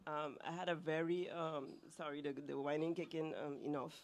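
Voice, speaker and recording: A woman's voice: sits low, steady tone, moderate pace, heavy background noise. A woman at a poetry night who gives a hesitant, laughing introduction and then recites her own poem. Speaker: poet performing at an open mic. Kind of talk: poetry reading with a chatty intro.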